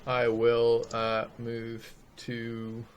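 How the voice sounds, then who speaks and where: Guy playing d&d, slow and flat, bit of hiss behind him. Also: mid-range voice, lo-fi sound. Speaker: player. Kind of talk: tabletop game chat.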